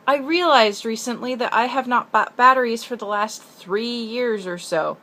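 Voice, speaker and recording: A young woman vlogger from the Pacific Northwest rambles through a casual video letter to her sister, chatty and self-deprecating with quick asides. Her voice is on the high side with a sharp tone.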